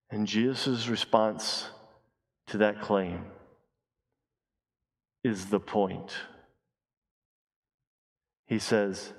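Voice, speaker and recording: A man preaching a sermon as pastor, emphatic, repeating key phrases and dropping his voice low and slow to stress a point. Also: fairly even intonation. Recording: long reverb of a large hall.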